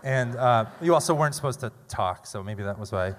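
A man in his thirties telling a funny, self-deprecating story live on stage at a story slam, with loud bursts. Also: mid-range voice, expressive, fairly quick, slight background noise. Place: large theater stage. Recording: long hall reverb.

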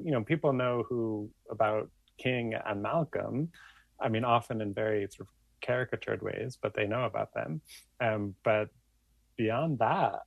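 A man's voice: on the low side, normal speed, vocal fry, no room sound. A man who works as a professor, giving a thoughtful interview answer and restarting his phrases as he thinks.

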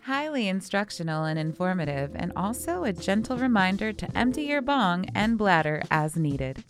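A woman's voice: medium pitch, big pitch swings, normal speed. A woman hosting a radio storytelling program, announcing with a dry wit. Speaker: host. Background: music.

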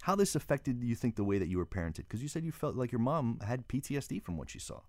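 A man's voice: medium pitch, sing-song, quick pace, a little mellow, no echo. A man hosting an interview, asking curious follow-up questions and introducing his guest. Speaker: radio interview host.

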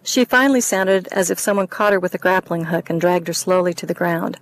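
A woman author reads her own first-person mystery novel aloud, wry and expressive. Her voice is lowish and brisk, and the recording is rough.

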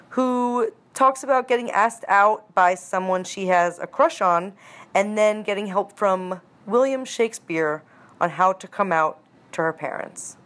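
A woman's voice: medium pitch, fairly bright tone. Woman reading a radio intro. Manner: plain, measured reading. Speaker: radio host. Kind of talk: scripted introduction.

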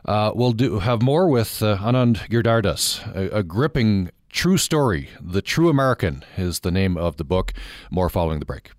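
A man hosting a radio interview, thoughtful and halting with uhs, speaking into a studio mic. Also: lowish voice, very animated, darkish tone, dry recording. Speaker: radio host.

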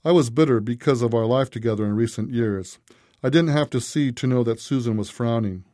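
A man reading a story aloud as narrator, in a measured, even way. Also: medium pitch, dry recording, clean studio sound. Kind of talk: scripted narration.

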